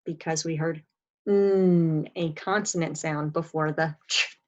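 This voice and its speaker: A woman's voice: deep voice, steady tone, measured pace, low-quality recording. A woman teaching a spelling lesson to young children, patiently sounding out words and spelling them letter by letter. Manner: patient, encouraging.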